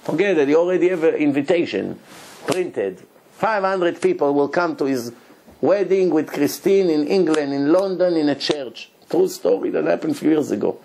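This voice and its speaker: Male Torah teacher, gravelly voice, slightly high, lively storytelling, faint hiss behind. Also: normal speed. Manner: animated storyteller, acts out dialogue, laughs often. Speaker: rabbi teaching a Torah class.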